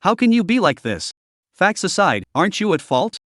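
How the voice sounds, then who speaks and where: A man's voice: high voice, sing-song, moderate pace, a bit bright, no room sound, studio quality, voice pushed up. A man voicing a haughty young taekwondo girl. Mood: indignant. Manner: haughty, scolding. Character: proud young female taekwondo club president.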